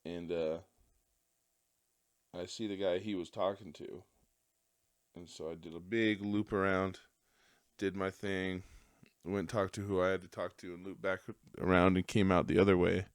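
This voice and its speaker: A man's voice: deep voice, flat delivery, normal speed, long pauses, clean tone, dry recording, studio quality. A man hosting a podcast, telling a rambling, profane story in a casual monologue and laughing at his own jokes. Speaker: podcast host.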